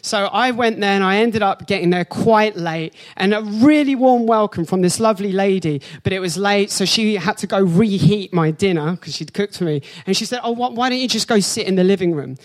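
Man, pastor, sermon, high voice, animated storytelling. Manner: animated storyteller, jumps into high excited voice for his own reactions; slows down and softens for the spiritual point.

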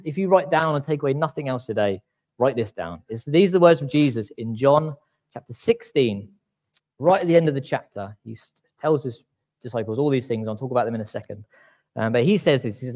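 A man's voice: mid-range voice, lively intonation. Conversational man preaching. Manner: conversational, wry, slows down to read scripture aloud. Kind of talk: sermon. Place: church.

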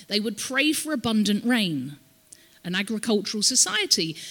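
A woman's voice: a little high, bright, forceful tone. A woman speaking as a visiting ministry guest at a church, telling the story and having the audience repeat words after her. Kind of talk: church talk, teaching. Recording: long reverb of a church hall.

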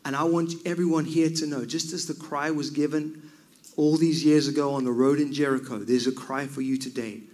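A man preaching a sermon, swinging from loud cries down to near whispers. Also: fairly high pitch, level tone, moderate pace.

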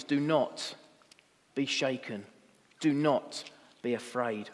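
A man preaching a sermon as pastor, rising to impassioned emphasis and dropping to quiet reflection. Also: mid-range voice, slow pace, long pauses. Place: church. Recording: long reverb of a church hall.

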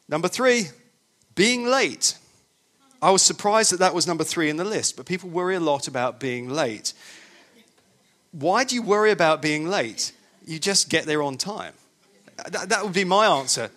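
Emphatic preacher, slightly high voice. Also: male voice, animated, moderate pace, fairly bright tone. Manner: emphatic, repetitive, conversational. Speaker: pastor. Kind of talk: sermon.

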